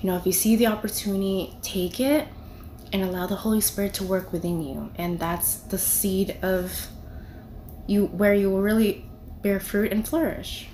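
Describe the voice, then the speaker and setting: A woman's voice: mid-range voice, fairly even intonation, normal speed, warm tone, slight background noise. A young woman giving a casual devotional talk, conversational and full of "you know" and "like". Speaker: devotional video speaker.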